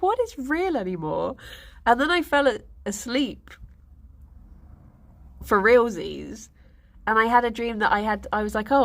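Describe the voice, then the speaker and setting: Giggling often, a young woman from England rambles through stories in a casual stream chat, her mid-range voice slightly bright.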